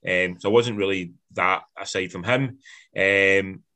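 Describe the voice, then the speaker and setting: A man's voice: deep voice, steady tone, a little slow, pushed and bright. A man in a casual film review chat, giving blunt opinions in rambling sentences that often restart. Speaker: film podcast co-host.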